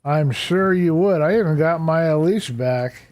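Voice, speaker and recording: A man's voice: fairly high pitch, unhurried, a little mellow. A man live-streaming a building game, talking casually as he works things out and laughing at himself. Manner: chatty, thinks aloud, self-deprecating.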